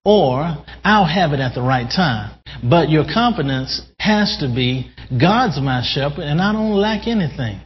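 Slow, emphatic preaching man in a hall. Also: on the high side. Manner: slow, emphatic preaching with drawn-out key words. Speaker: pastor. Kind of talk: sermon. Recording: dull lo-fi sound in a reverberant hall.

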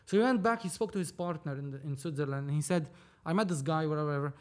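A man's voice: fairly high pitch, rapid-fire. A man from Lebanon who works as a film producer tells a story in a casual interview. He acts out each side of the dialogue and swears freely. His voice sits a little above the usual male range.

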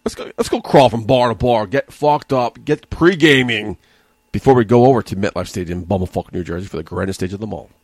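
A man's voice: on the low side, fairly quick, darkish tone, no echo, studio quality. A man co-hosting a podcast in casual chat, joking and reading quotes aloud. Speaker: podcast co-host.

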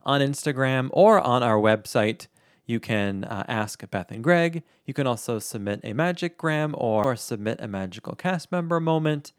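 A man's voice: medium pitch, expressive, moderate pace, clean tone, no echo, clean studio sound. A man co-hosting a podcast, chatting casually through the show's outro and plugs. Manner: chatty, self-deprecating. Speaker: podcast co-host.

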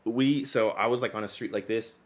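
A man's voice: fairly low pitch, a little fast. A young adult man telling a long personal story in casual chat, rambling with lots of fillers and swearing.

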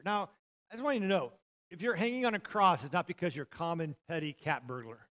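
A middle-aged man preaching a sermon, telling stories and swinging from loud, shouted passages to hushed, quiet lines. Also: a little high, fast. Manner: storytelling, swings from loud shouting to near-whispers. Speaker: pastor.

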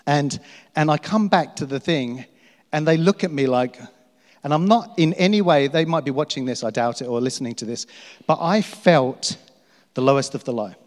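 A man's voice: fairly high pitch, moderate pace. A middle-aged man preaching a sermon, telling stories about himself with self-mocking humor and frequent laughter. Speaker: pastor. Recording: long hall reverb.

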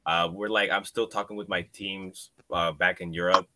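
A man's voice: low-pitched, steady tone, moderate pace, heavy background noise. A young man, a motorcycle racer guest, chatting loosely with lots of fillers. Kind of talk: casual chat.

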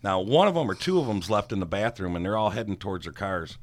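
A middle-aged man spins a rambling, profane story in easygoing chat. His voice sits on the low side, and he gets animated and loud as he retells it. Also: fast talker. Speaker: guest storyteller, former bartender.

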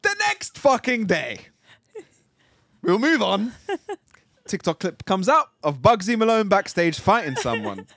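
Animated man ranting jokingly. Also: high-pitched, unhurried, vocal fry, pauses often, no echo, clean studio sound. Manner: animated, joking rants with mock outrage. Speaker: podcast co-host. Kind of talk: casual podcast chat.

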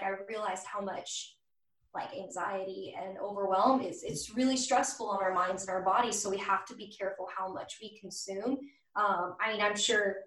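A young adult woman, an anxiety coach guesting on a podcast, talking in an energetic, chatty way. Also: mid-range voice. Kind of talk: casual podcast interview. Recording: echoey and distant from the mic.

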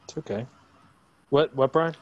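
A young man co-hosting a comedy podcast who reads a crude mock movie trailer in deadpan announcer style. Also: fairly high pitch, unhurried, dull audio. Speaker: podcast co-host. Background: guitar music.

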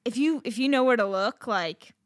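A woman co-hosting a podcast, telling a story in casual chat, animated and swearing freely with lots of fillers. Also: fairly high pitch, moderate pace, dry recording, studio quality. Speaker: podcast co-host.

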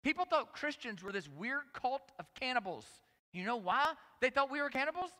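Man, conference preacher, high and bright, emphatic and repetitive, long hall reverb. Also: big pitch swings, moderate pace. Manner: emphatic, repeats phrases, talks to the audience directly. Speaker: conference speaker. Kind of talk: energetic sermon.

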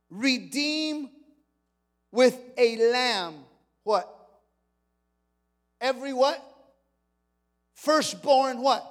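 A man preaching a sermon as pastor, telling a story with dramatic energy and acting out the people in it. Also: very high voice. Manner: dramatic storytelling, voicing characters. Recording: long hall reverb.

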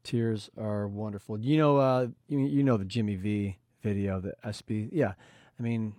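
A male podcast host with a lowish, mellow voice, speaking earnestly and reflectively. He circles his thoughts with frequent fillers. The sound is dry and close. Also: steady tone, normal speed, dry recording. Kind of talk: casual podcast conversation.

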